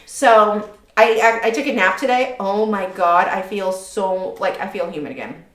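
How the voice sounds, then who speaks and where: A woman's voice: medium pitch, moderate pace, fairly bright tone. A woman in her thirties hosting a casual live painting stream, coaching a friend and reading viewer comments aloud in a chatty way. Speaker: art teacher and livestream host. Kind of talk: casual livestream chat while teaching. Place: home studio, indoors. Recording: echoey room.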